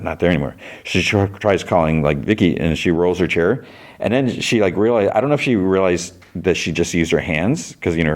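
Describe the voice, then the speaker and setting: Low-voiced man rambling through a recap. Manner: rambling, many fillers and restarts, acts out quotes. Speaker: podcast host recapping a TV episode. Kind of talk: casual recap.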